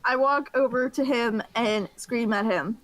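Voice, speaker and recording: A loud, excitable woman joins in at the game table. The sound is dry and close. Her voice sits slightly high. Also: unhurried, no echo, poor audio. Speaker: player. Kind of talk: casual chat at a game table.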